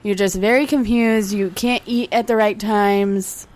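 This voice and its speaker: Deadpan woman in casual podcast chat. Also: mid-range voice, measured pace. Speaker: podcast co-host.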